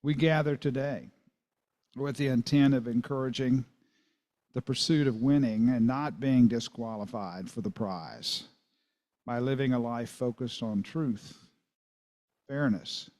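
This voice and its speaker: A man leading an opening prayer at a club meeting, starting hesitantly and then speaking in a measured, earnest way in a museum meeting hall. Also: mid-range voice, darkish tone. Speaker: giving the invocation.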